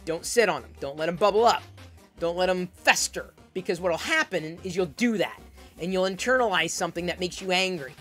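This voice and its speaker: A woman's voice: lowish voice, expressive, brisk, soft background music. A woman giving an intense, emphatic advice monologue, often repeating words as she starts a sentence. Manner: loud and projecting.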